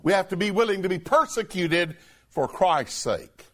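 A man preaching a sermon, talking plainly to his congregation and reading scripture aloud slowly and emphatically. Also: high-pitched, expressive. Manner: emphatic, reads scripture in a slow raised voice.

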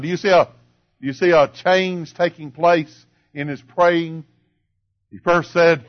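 An older man preaching a sermon in a church, swinging from ringing cries down to quiet, drawn-out murmurs. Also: a little high, highs cut off. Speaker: pastor.

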